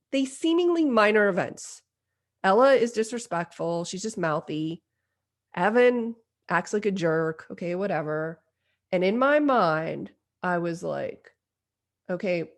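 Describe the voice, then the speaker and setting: Woman podcast host in her forties, candid and self-deprecating, middle pitch. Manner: self-deprecating, confessional, lively retelling. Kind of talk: candid personal storytelling.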